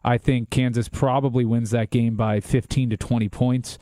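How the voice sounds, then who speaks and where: A man's voice: mid-range voice, steady tone, moderate pace, mellow, no room sound, studio quality. A man co-hosting a sports talk show, giving confident, opinionated predictions in casual chat.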